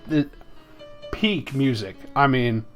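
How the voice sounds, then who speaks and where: A man's voice: mid-range voice, lively intonation, slow pace, a bit bright, soft background music. A man hosting his album release live stream, chatting casually with viewers, rambling and swearing freely into a close desktop mic.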